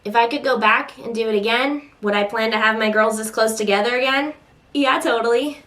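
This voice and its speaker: Chatty, exasperated young mom vlogger. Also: female voice, fairly quick, a bit bright. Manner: chatty, exasperated, acts out voices in high squeals. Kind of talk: casual venting vlog.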